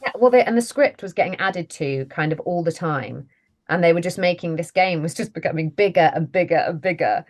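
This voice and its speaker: A woman's voice: fairly low pitch, a little fast, a little mellow. A woman, a voice actress chatting casually as an interview guest, laughing often and self-deprecating.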